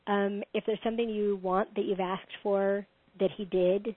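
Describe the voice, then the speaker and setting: A middle-aged woman giving relationship advice in an animated, casual way, laughing often. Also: medium pitch, normal speed, no echo. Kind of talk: casual conversation. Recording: dry tinny phone-like sound.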